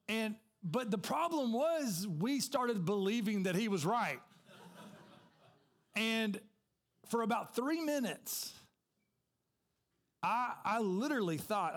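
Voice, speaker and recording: High-voiced preacher telling a story. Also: male voice, big pitch swings, slow pace, pauses often. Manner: storytelling, conversational with y'all asides. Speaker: pastor. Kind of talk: sermon.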